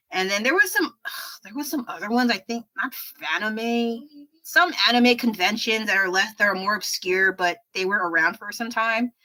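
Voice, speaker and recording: A woman's voice: mid-range voice, bright, forceful tone, poor audio. A woman in her thirties chatting casually with viewers during a painting livestream, rambling and self-deprecating. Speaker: artist livestreaming while painting.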